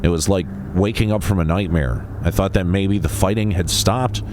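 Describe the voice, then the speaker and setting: A man reading aloud the lines of a frightened young woman survivor in a video game, in a halting, hushed delivery. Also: low-pitched, background noise, lightly acted. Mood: haunted.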